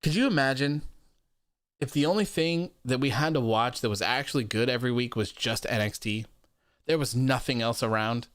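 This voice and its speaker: A young man hosts a live wrestling post-show in a loose, chatty way. He reads viewer comments aloud and laughs easily. His voice comes across smooth and clear in a dry, close setting. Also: mid-range voice, normal speed, a bit bright, no echo. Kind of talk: casual live-stream commentary.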